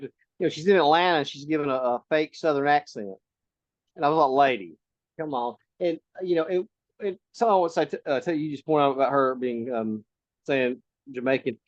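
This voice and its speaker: A male talk show host chats casually, his voice sitting a bit high. The sound is dry and close, but dull and lo-fi, and he breaks off and restarts his sentences as he goes. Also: brisk, dry recording. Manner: conversational, many restarts, asks questions. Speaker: podcast host. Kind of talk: casual political chat.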